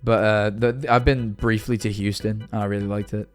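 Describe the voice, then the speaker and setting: A man's voice: lowish voice, flat delivery, moderate pace, faint music behind. A young man, chatting and joking with viewers during a live-stream reaction.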